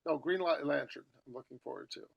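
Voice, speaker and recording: A middle-aged podcast host rambles through a casual chat, hopping from topic to topic. His voice is on the high side with vocal fry, he speaks briskly, and the recording sounds muffled.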